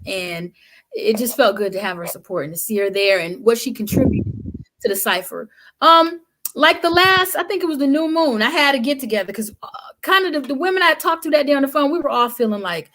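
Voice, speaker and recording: A woman guest speaker talks in an impassioned, emphatic, colloquial way, much like a preacher. Her voice is fairly high and a bit bright.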